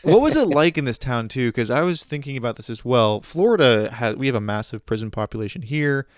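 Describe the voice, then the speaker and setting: A man's voice: medium pitch, very animated, fairly quick, clear, resonant tone, no room sound, studio quality. A male podcast host, sardonic and profane, questioning his guest. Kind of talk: casual interview talk.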